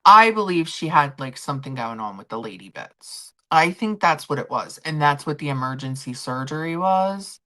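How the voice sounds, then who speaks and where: Chatty low-voiced woman host. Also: expressive, normal speed, few pauses, bright, forceful tone. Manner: chatty, opinionated, many fillers and restarts. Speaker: livestream host. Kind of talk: casual chat about royal gossip.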